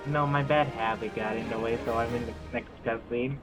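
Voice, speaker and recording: A man's voice: mid-range voice, steady tone, brisk. Playful man co-hosting a game stream. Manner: playful, mock-confident. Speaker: co-host and game guide. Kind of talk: casual gaming chat. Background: video game music.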